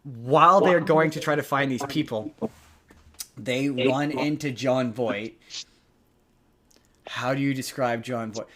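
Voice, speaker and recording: A man's voice: medium pitch, slow, pauses often, fairly bright tone. A man co-hosting a podcast, talking casually in a rambling way with many restarts. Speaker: podcast co-host. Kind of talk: casual chat.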